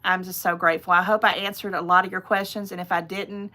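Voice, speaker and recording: Middle-aged female host, bright voice, rambling, casual livestream chat. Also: lowish voice, level tone, fast talker. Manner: chatty, rambling, digressive. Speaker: channel host.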